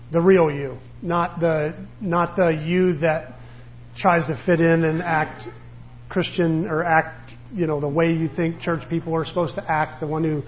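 A middle-aged male pastor gives a sermon in a loose, conversational way, acting out the voices of the people he talks about. His voice sits high for a man. The recording sounds dull and a little lo-fi.

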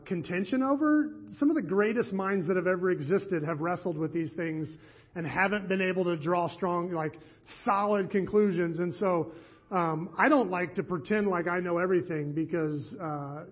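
A man's voice: sits high, normal speed, muffled recording. A male pastor giving an earnest sermon, with frequent "um"s and "uh"s. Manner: earnest, with many fillers.

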